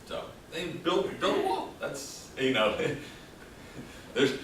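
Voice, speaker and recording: A man's voice: a little high, animated, very slow, a bit bright, distant mic, slight background noise. Joking male lecturer in an echoey room. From El Paso, Texas. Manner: casual, joking, quizzes the class. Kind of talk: classroom lecture. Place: classroom. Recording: echoey classroom taped from afar.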